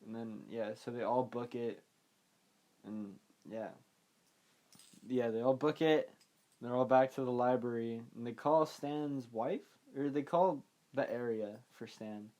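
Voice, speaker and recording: A man's voice: mid-range voice, unhurried, dark tone. A young man casually recapping a film, rambling and offhand, often trailing off with "like" and "I don't know.". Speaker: podcast host recapping a film.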